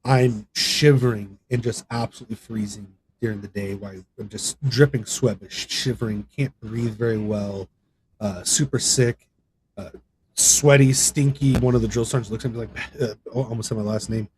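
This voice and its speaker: As a guest on a podcast, a gaming content creator with a lowish, darkish voice shares a personal story at a moderate pace with fairly even intonation. There's slight background noise; his telling is rambling and conversational, packed with fillers and restarts, and his pitch rises sharply when he reenacts others.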